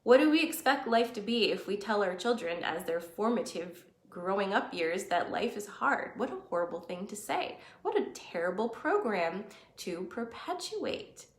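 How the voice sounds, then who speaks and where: Woman host, earnest chatty live-stream talk, medium pitch, echoey room. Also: expressive, moderate pace, hardly any pauses. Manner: earnest, conversational, reads out viewer comments.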